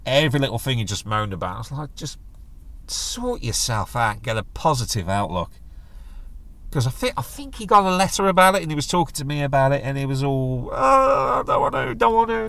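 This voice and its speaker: A medium-pitched, slightly bright voice belongs to a middle-aged man hosting his own casual podcast alone. He rambles in a jokey, chatty way and imitates people with silly voices when quoting them.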